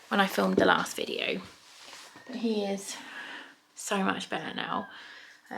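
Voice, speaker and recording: British mum in her 30s chatting slow at home, a bit gravelly, soft and emotional, faint hiss. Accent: British English. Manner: emotional, soft-spoken, talks to her cats in a high coaxing voice. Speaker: vlogger. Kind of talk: casual chat to camera.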